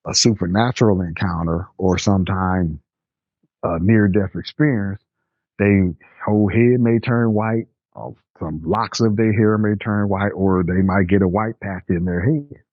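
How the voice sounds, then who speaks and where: In a low voice, an older man narrates something that happened to him, vividly and in vernacular speech. It's a dry, slightly muffled recording.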